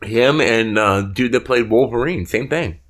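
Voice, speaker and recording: A man's voice: medium pitch, a little slow, a bit bright. A man co-hosting a podcast in casual, rambling chat that often trails off mid-sentence. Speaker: podcast co-host.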